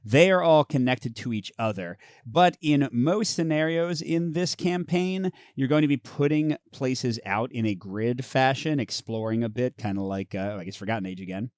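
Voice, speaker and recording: Male host for a card game playthrough: casual, explanatory, reads flavor text aloud, animated delivery, dry sound. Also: medium pitch, normal speed, hardly any pauses, no echo. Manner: chatty, explains rules while reading story text. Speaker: host of a board game channel.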